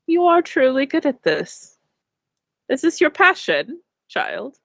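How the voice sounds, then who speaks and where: A woman voicing a slow, gentle old male turtle monk who speaks politely, with a put-on British lilt. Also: high-pitched, sing-song, creaky, no room sound, dull audio, voice pushed up, heavily acted. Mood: impressed. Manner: polite, calls people "dear heart", suddenly British.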